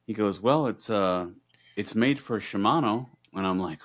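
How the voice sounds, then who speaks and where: A man's voice: lowish voice, moderate pace. A middle-aged man co-hosting a podcast, telling a story in casual chat and acting out both sides of the conversations. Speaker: podcast co-host.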